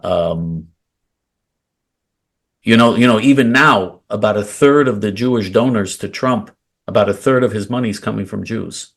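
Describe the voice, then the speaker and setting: A man's voice: lowish voice, creaky. A man hosting a casual chat, rambling with many fillers and restarts.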